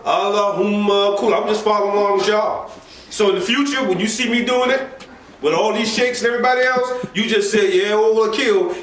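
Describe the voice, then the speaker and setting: Recorded from a distant mic in an echoey hall, a religious teacher with a high voice gives an informal sermon class. He preaches in an animated, conversational way full of asides and laughter, with a little hiss or hum underneath.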